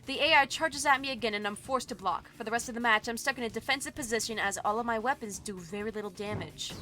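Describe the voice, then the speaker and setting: With soft game music in the background, a bubbly young woman streams a story game, reading a visual novel aloud. Her bright, fairly high voice breaks into excitable, gushing commentary between the lines.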